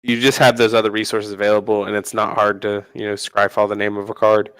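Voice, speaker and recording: A man's voice: fairly low pitch, little pitch movement, fast talker, a bit bright, clear, resonant tone, no echo, rough recording. A man co-hosting a casual gaming podcast, eager and rambling, restarting his sentences.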